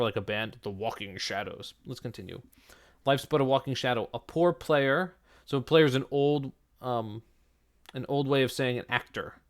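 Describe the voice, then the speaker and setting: A man's voice: mid-range voice, a bit bright. A man teaching, going through a text line by line in a conversational way, asking himself rhetorical questions and answering them. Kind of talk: explaining a literary text line by line.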